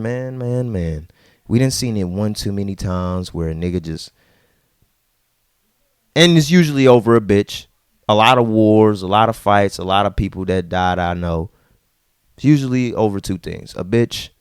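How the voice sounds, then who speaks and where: A man ranting casually to camera in a vlog, slangy and repetitive, dropping to low mutters and jumping to high outbursts. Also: moderate pace, clear, resonant tone, dry recording, studio quality. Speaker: vlogger.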